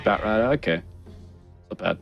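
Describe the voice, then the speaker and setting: A man's voice: on the low side, lively intonation, moderate pace, gravelly, highs cut off, over music. A man giving esports draft analysis as a caster, thinking aloud with many fillers and restarts.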